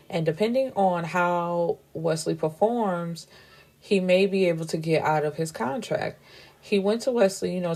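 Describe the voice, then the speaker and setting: Low, gravelly woman recapping a novel. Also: mellow. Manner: chatty, gushing asides, retells dialogue. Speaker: book reviewer. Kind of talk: casual plot recap.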